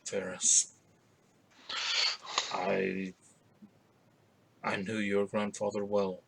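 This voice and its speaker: A man voicing an ancient, weary crowned man who speaks quietly and with resignation. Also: on the low side, little pitch movement, very slow, gravelly, a little hiss or hum, heavily acted, poor audio.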